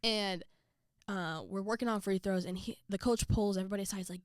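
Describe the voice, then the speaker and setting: A young woman vlogging, casually telling a story to her viewers and acting out quotes with jumps in pitch. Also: fairly even intonation, brisk, dry recording, clean studio sound.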